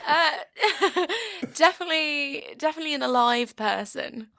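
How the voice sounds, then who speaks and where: Female podcast co-host, high and very lively, bubbly giggling chat. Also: a little slow, no echo, studio quality. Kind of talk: casual chat.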